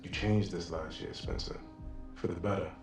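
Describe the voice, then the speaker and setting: A deep, gravelly football coach. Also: male voice, steady tone, normal speed, faint music behind. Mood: stern. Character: middle-aged male football coach, blunt and commanding. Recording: distant, roomy TV audio under loud score.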